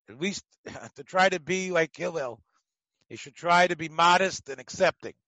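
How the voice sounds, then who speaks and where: High-voiced American rabbi teaching. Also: male voice, no room sound, poor audio. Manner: lively storyteller, joking asides. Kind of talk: casual Talmud lesson.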